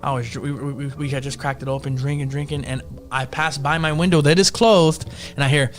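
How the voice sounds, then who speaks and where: A man's voice: mid-range voice, fairly even intonation, fast, faint music behind. A man casually telling a ghost story on a podcast, profane and slangy, acting out the other people's lines. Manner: profane, slangy, acts out quotes in voices.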